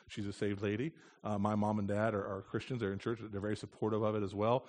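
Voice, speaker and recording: A man's voice: lowish voice, level tone, quick pace, a little mellow. A man from the United States, a missionary preaching in a church, speaking in an earnest, plain-spoken way with touches of light humor. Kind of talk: conversational sermon.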